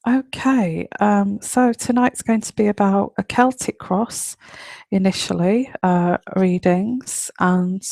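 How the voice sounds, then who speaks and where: Late at night at home, a woman hosts a live online radio show as a tarot reader, speaking quietly and almost in a whisper. Her voice is mid-range, slow, and gravelly, and she rambles chattily with many fillers on a dry recording.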